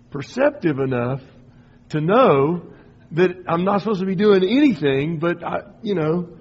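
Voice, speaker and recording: A middle-aged man giving a rambling, informal spoken testimony, often restarting and clearing his throat. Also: a little high, a little mellow, dull audio. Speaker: speaker sharing a personal faith story.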